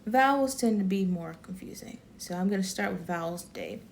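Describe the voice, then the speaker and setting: A woman's voice: mid-range voice, expressive, fairly quick, creaky, slight background noise. A woman giving a casual online language lesson, chatty and rambling, often correcting herself and laughing. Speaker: Korean language teacher.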